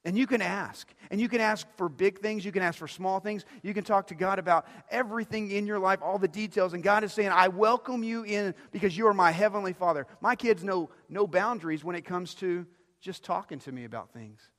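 A middle-aged pastor delivering a sermon, swinging between quiet, intimate phrases and loud, emphatic ones, often repeating words as he builds a point. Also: sits high, fairly quick. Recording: long reverb of a large hall.

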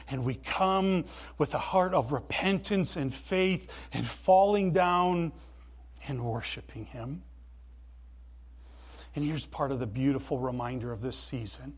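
A man preaching a sermon in a church, earnest and emphatic, with deliberate pauses. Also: a little high. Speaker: pastor.

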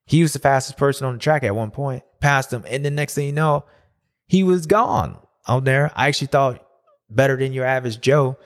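A man who once raced, hosting a casual race recap, talking loosely and slipping into high mocking voices when he quotes riders. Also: fairly quick. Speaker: podcast host and former racer.

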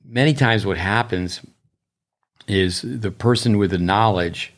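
A man's voice: lowish voice, measured pace. A middle-aged man, a tennis coach, talking in a rambling, anecdotal way on a casual podcast. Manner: rambling, anecdotal, with bursts of speed.

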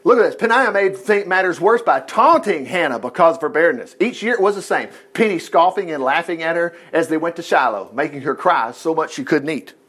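A man's voice: on the high side, animated, brisk, hardly any pauses, a bit bright, slightly rough. A man retelling a Bible story in a folksy sermon, breaking off for jokey asides and acting out the characters. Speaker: preacher teaching a Bible lesson.

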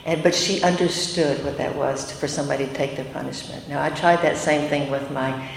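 Brief: older woman, low voice, earnest testimony, big echoey hall with faint noise. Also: fairly even intonation, fairly quick, creaky. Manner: earnest and emotional, with self-deprecating asides. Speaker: speaker giving a testimony. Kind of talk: testimony talk to a women's gathering.

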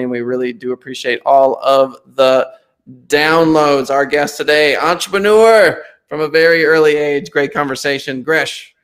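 A middle-aged man hosting an interview podcast, chatting casually and telling lively anecdotes. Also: mid-range voice. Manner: animated storyteller, acts out voices in anecdotes. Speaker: podcast host.

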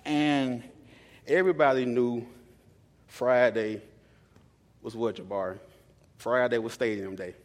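A man's voice: medium pitch, steady tone, takes it slowly, long pauses. A young man preaching a sermon in a casual, conversational way, telling stories and repeating lines for emphasis. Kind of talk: storytelling sermon. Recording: long hall reverb.

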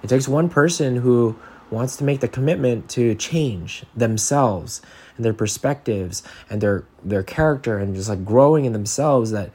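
A man's voice: mid-range voice, moderate pace, warm tone, breathy edge. A man hosting a podcast, talking in a casual, earnest monologue with lots of restarts and filler words. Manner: earnest, rambling with frequent "like" and restarts. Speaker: podcast host.

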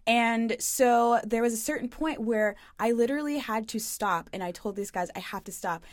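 A woman's voice: fairly high pitch, normal speed, no echo, clean studio sound. A young woman co-hosting a podcast, openly telling a personal story in casual chat, full of "like" and quoted self-talk. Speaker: podcast co-host.

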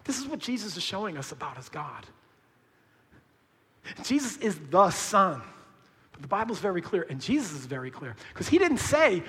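Emphatic male preacher, high-pitched and bright, casual slangy delivery, reverberant church hall. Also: very animated, brisk. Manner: emphatic, swings between hushed and shouting; conversational, uses slang. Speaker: pastor. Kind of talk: sermon.

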